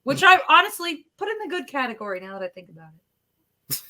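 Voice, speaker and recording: Bright, playful woman reviewing films. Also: high voice, sing-song. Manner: quick, playful teasing. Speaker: film reviewer. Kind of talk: casual review chat.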